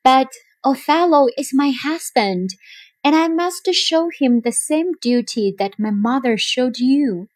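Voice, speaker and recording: A woman voicing a gentle, devoted young wife in a storybook reading, speaking softly. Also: high-pitched, lively intonation, takes it slowly, dry recording, pitched above the performer's own voice. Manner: soft, pleading.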